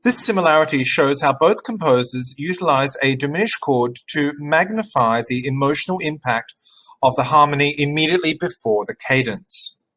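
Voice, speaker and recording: A man reading a written music analysis aloud in an even, measured way, as a teacher. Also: on the high side, low-quality recording. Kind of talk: read-aloud academic narration.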